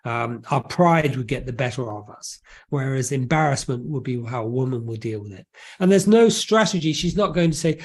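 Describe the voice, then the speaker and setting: A man, an author explaining his ideas in an animated, joking way with frequent restarts and asides. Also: medium pitch, moderate pace. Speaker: author and guest. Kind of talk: casual interview explanation.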